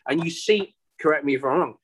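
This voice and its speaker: A husky, slightly raspy English man talking on a podcast, pitched a little higher than most men. He rambles through sweary stories in a loose, casual chat. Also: quick pace, low-quality recording. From England. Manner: sweary, rambling, animated storytelling. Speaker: podcast host.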